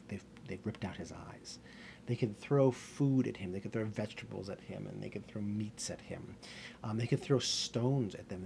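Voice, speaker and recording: A man telling a story dramatically to listeners, halting and repeating words, and often dropping into whispers for effect. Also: fairly low pitch, gravelly, a little mellow. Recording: noisy background ambience.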